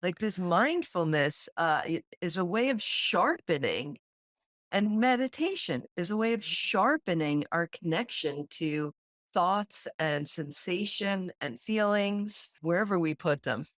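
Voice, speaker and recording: A woman co-hosting a podcast, talking in a slow, thoughtful way and searching for her words as she reflects. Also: lowish voice, lively intonation, fairly bright tone, dry recording, clean studio sound. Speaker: podcast co-host. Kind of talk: reflective casual conversation.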